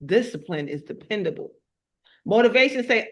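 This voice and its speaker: A woman's voice: medium pitch, lively intonation, unhurried. A middle-aged woman giving a motivational talk. She speaks emphatically, in a preacher-like rhythm of repeated phrases, and tells personal stories along the way. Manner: emphatic, preacher-like repetition with storytelling.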